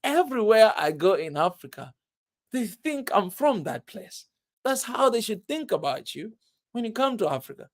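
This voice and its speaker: Man vlogger with a higher-pitched voice; loose, emphatic, laughing delivery straight to camera. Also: very animated, normal speed. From Tanzania. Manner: emphatic, keeps saying "man", laughs often. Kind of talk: casual monologue to viewers.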